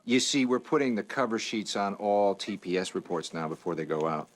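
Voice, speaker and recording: An actor playing a smug male office boss who drawls slowly, in a clip from a film. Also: fairly low pitch, expressive, close to an everyday voice. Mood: condescending.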